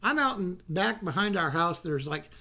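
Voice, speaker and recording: A man's voice: high voice, animated, normal speed, bright, forceful tone. A man telling a rambling, folksy childhood story, often repeating himself. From North Carolina. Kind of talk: casual storytelling.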